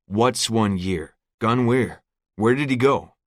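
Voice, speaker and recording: A man voicing a defiant, vengeful teenage boy with a rough, cocky edge. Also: fairly low pitch, measured pace, dry recording, clean studio sound, natural voice.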